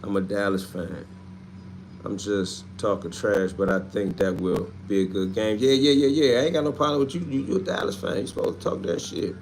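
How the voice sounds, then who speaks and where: A man hosting a casual livestream, reading out viewer comments and answering them with loud, animated trash talk. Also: lowish voice, moderate pace, a little hiss or hum. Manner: trash-talking, animated, street slang. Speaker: livestream host.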